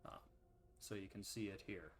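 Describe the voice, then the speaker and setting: A man narrating and describing scenes as game master of a tabletop role-playing game, relaxed, with frequent ums and uhs. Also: deep voice, moderate pace.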